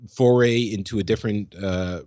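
A man co-hosting a casual gaming podcast, thoughtful and measured, often restarting phrases. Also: lowish voice, fairly even intonation, mellow, no echo, clean studio sound. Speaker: podcast co-host.

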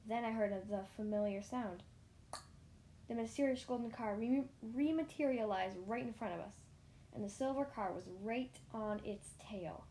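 A woman's voice: a little high, normal speed, a little hiss or hum. Woman reading a children's story aloud. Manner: lively first-person storytelling with small slips. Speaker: narrator.

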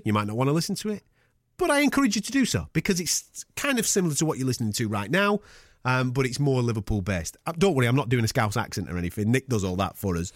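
Teasing, animated English podcast host. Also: male voice, mid-range voice, no echo, studio quality. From England. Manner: jokey, teasing banter. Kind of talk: casual chat.

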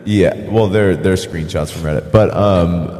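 A man co-hosting a comedy podcast in casual chat, talking loosely with many fillers, his voice pitched down by an effect. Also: unhurried, mellow, big-room sound. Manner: loose, hesitant, filler-heavy. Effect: pitch-shifted lower voice. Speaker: podcast co-host.

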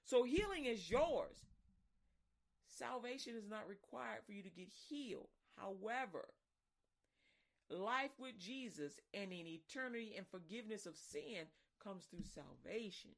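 A woman preaching in a loose, conversational style, animated and acting out little scenes as she talks. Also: medium pitch, unhurried. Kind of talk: casual sermon.

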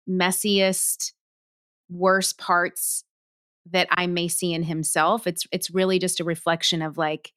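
A woman in her thirties talking earnestly and thoughtfully as an interview guest, often pausing on "you know". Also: fairly low pitch, smooth, no room sound, studio quality. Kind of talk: reflective interview talk.

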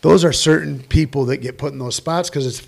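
A man's voice: on the high side, brisk, gravelly. A man who works as a stunt performer, telling rambling, profane anecdotes with quoted dialogue in a casual interview.

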